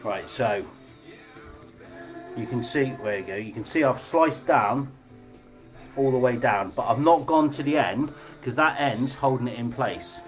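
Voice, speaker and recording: A man's voice: medium pitch, unhurried, long pauses, over music. A man hosting a casual live cooking class, chatty, jokey and informal as he demonstrates.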